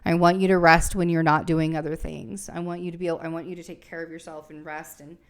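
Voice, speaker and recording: A young woman reading tarot casually speaks in a low-pitched, level voice at a quick pace. She rambles and reassures, thinking out loud with plenty of fillers and restarts.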